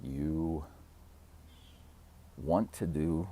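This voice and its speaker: A man's voice: deep voice, lively intonation, moderate pace, pauses often, mellow. A man hosting his own channel, talking casually and rambling, laughing at himself and acting out quotes. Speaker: fitness channel host. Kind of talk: casual talking-to-camera vlog.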